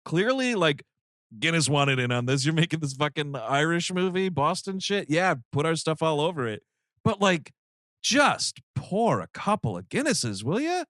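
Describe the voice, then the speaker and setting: Man, podcast co-host, comedic ranting, swearing, higher pitch, bright tone. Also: moderate pace, no room sound, studio quality. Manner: animated, swearing, mock-outraged rants. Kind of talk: casual comedy chat.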